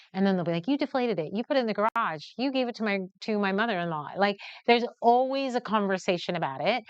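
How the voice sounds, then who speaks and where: A middle-aged woman hosting a live newborn photography session, chatty and animated, acting out the people in her stories. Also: mid-range voice, clear, resonant tone, no echo. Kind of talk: lively storytelling while demonstrating a shoot. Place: photo studio during a live stream. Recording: slightly dull, muffled audio.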